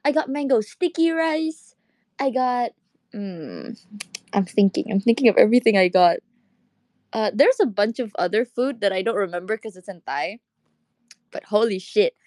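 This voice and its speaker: A woman's voice: mid-range voice, animated, normal speed, pauses often, a little mellow, no echo. A young woman from Indonesia chatting casually in a live audio room, rambling, swearing freely and laughing often. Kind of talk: casual chat.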